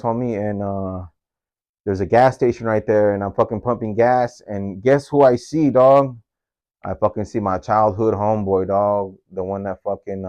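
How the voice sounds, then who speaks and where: A man's voice: fairly low pitch, darkish tone, muffled recording. A man, casually telling a personal story in street slang, tagging his phrases with homie, dog and fool.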